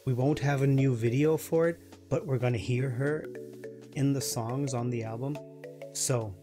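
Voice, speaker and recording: Slow-talking, gushing reaction host. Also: male voice, medium pitch, steady tone, music in the background. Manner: gushing, halting, repeats words. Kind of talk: excited reaction commentary.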